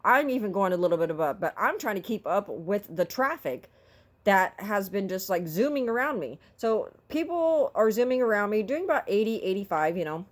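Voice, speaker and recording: A woman's voice: mid-range voice, sing-song, moderate pace. Exasperated middle-aged woman ranting. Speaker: vlogger. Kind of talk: casual storytelling vlog.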